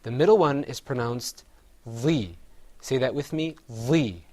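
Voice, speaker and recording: A man's voice: mid-range voice, expressive, takes it slowly, a little mellow. A man teaching Arabic letter sounds in a class, patiently saying each one and having the group repeat it. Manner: explains mouth positions step by step. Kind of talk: classroom pronunciation drill.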